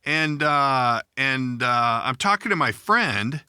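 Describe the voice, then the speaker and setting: Middle-aged male podcast host, profane self-deprecating storyteller, bright tone, dry booth. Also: medium pitch, expressive, slow pace, clear, resonant tone, dry recording. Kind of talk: casual storytelling chat.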